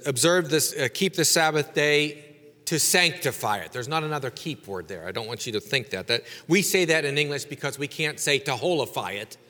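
A man's voice: a little high, pushed and bright, big-room sound. A man teaching a lecture on scripture, explaining step by step with fillers and rhetorical questions. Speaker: Bible teacher.

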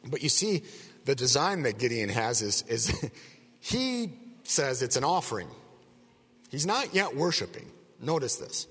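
A man's voice: mid-range voice, big pitch swings, measured pace, sharp tone, husky, in a large hall. A man giving a verse-by-verse Bible teaching, talking conversationally and digressively, often checking in with the listeners with rhetorical asides.

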